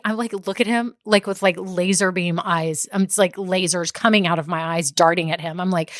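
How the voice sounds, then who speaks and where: A woman's voice: mid-range voice, a bit bright, no room sound. Chatty woman podcaster, dry sound. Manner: chatty, laughs often, goes on tangents. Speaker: podcast host and business coach. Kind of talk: casual solo podcast talk.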